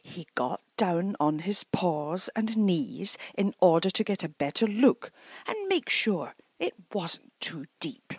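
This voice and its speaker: A woman's voice: fairly low pitch, husky, no room sound. A woman reading a children's picture book aloud as a storyteller. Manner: slow, lively storytelling.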